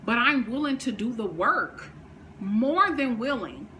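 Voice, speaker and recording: A woman, talking candidly on her vlog, emotional and faith-filled, swinging from hushed to fired up. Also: a little high, very animated, measured pace, slight background noise, rough recording. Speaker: vlogger. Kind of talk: candid personal vlog talk.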